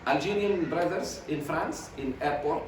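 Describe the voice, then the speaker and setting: A man's voice: fairly high pitch, unhurried. A man teaching a religious class, lecturing emphatically with volleys of rhetorical questions and Arabic religious phrases. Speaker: sheikh teaching Quran commentary. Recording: very echoey, distant mic, noisy.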